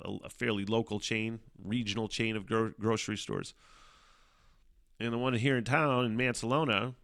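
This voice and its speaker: Man on a bright, profane rambling podcast. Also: on the low side, gravelly, no room sound, studio quality. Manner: rambling and profane, with frequent fillers and laughs. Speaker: podcast host. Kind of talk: casual solo podcast monologue.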